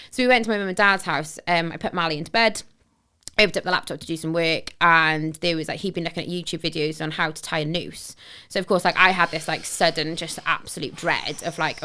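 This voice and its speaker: A woman's voice: lowish voice, fast, bright, forceful tone, clean tone. A woman in her thirties who guests on a podcast and tells a personal story candidly and reflectively, with many "sort of" and "you know" fillers. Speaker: podcast guest, charity founder.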